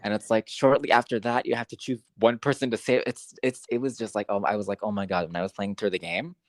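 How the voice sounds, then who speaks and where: A young man co-hosting a podcast, talking casually with lots of fillers, rambling and getting excited. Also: lowish voice, fast talker, no echo. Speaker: podcast co-host. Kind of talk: casual chat.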